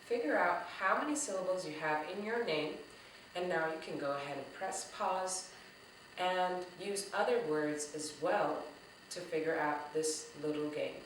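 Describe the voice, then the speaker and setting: A woman teaching a drumming lesson to young children, slow and encouraging, talking straight to the kids. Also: on the low side, slight background noise. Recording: echoey room, voice from a distance.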